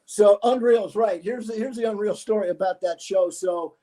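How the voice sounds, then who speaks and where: A man hosting a podcast, telling animated, rambling anecdotes full of asides in a casual chat. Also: high-pitched, normal speed. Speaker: podcast host. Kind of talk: casual storytelling.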